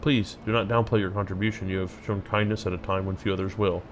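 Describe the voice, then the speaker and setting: A man's voice: low-pitched, little pitch movement, quick pace, background noise, lightly acted. A man voicing a polite, earnest man who runs a shelter in a game. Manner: polite, grateful. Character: earnest male shelter keeper.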